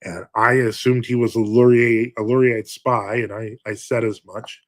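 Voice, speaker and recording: A man's voice: mid-range voice, fairly even intonation, moderate pace. A man, a priest hosting a livestream, chatting casually and reading viewer comments aloud, with many fillers and wry, self-mocking humor.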